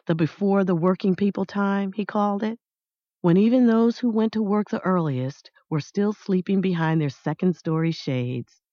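A woman narrating an audiobook in a measured, lyrical reading. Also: lowish voice, no echo. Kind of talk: scripted narration. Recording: dry, slightly dull close-mic sound.

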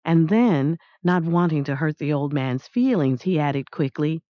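A woman reading a storybook aloud as its narrator, in an expressive, animated way, in a dull, dry recording. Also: sits low, normal speed, hardly any pauses, no room sound. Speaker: audiobook narrator.

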